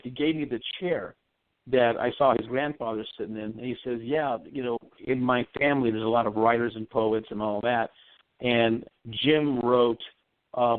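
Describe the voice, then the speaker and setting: A man, a psychic medium guest, telling a long rambling story in a radio interview, full of ums and restarts. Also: medium pitch. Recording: tinny phone line.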